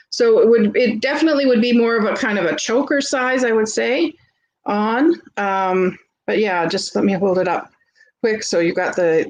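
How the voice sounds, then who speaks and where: A woman with a Canadian accent, hosting a live vintage sale and chatting warmly with viewers as she shows jewelry. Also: medium pitch, low-quality recording. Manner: chatty and gushing, greets viewers by name. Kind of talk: casual live-stream selling.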